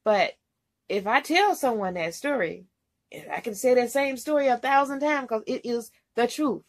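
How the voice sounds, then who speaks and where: A woman's voice: a little high, animated, moderate pace. A woman truck driver vlogging casually, retelling a bad experience in a rambling, emotional way full of "you know". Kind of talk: casual storytelling vlog.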